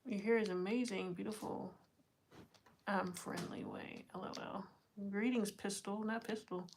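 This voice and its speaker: Woman livestream host, easygoing and chatty, mid-pitched, faint room hum behind. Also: fairly even intonation, unhurried. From United States. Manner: chatty, laughs often, talks to chat. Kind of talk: casual live chat reading comments.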